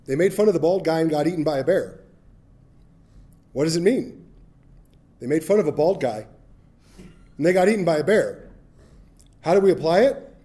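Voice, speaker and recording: Man, pastor, mellow tone, slightly high voice, humorous animated sermon. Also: normal speed, long pauses.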